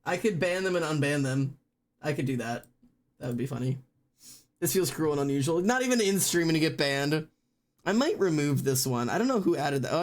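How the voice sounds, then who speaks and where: An unhurried streamer at a home setup, talking through a word-guessing game in slow, drawn-out phrases. The voice sits in a middle register, and they spell words aloud letter by letter while teasing themself over mistakes in loose live-stream chatter. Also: medium pitch.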